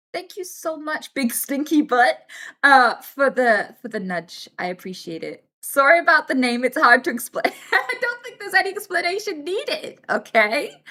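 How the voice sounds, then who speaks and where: A woman's voice: high-pitched, sharp tone. A young woman streaming live and giving blunt, sweary advice to her chat, often acting out the people she quotes.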